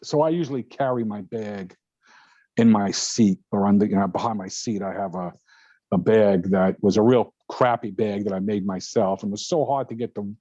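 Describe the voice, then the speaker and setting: An older man and guest pilot, telling a story in casual talk, animated and laughing often as he acts out other people's voices. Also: fairly low pitch, normal speed, no room sound. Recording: dull lo-fi sound.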